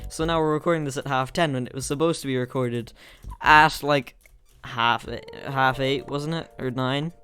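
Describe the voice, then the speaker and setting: A man's voice: medium pitch, steady tone, moderate pace, pushed and bright, faint music behind. A man with an Irish accent hosting a casual storytime chat, rambling and laughing at his own jokes. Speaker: channel host.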